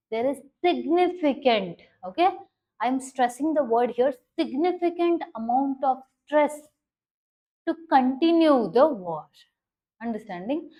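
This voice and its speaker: A woman's voice: high voice, darkish tone, low-quality recording. A woman explaining current affairs as a teacher, stressing key words and often checking if listeners follow.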